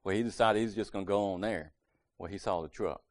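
Low-voiced dad telling stories. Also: male voice, quick pace, no room sound. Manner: folksy, rambling, with brief acted-out quotes. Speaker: father sharing family stories. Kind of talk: casual storytelling monologue.

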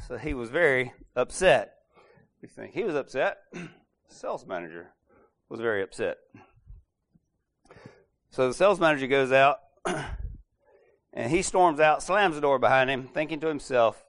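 A man casually retelling an anecdote, clearing his throat often and acting out the quoted lines. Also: mid-range voice, lively intonation, a little slow, pauses often, fairly bright tone. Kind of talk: casual storytelling talk.

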